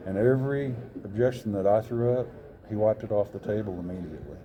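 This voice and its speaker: A man's voice: on the low side, quick pace, lo-fi sound. A man in his sixties, an interview guest, telling a personal story in an earnest, rambling way with frequent self-corrections. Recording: crowd chatter behind.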